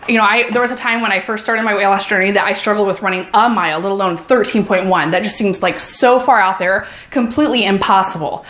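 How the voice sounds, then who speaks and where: An upbeat woman vlogger talks to her viewers in a cheerful, encouraging way, at a medium pitch for a woman. Her voice rings out in a roomy space. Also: fast talker, few pauses, a bit bright. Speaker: vlogger, runner and mom. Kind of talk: casual motivational vlog.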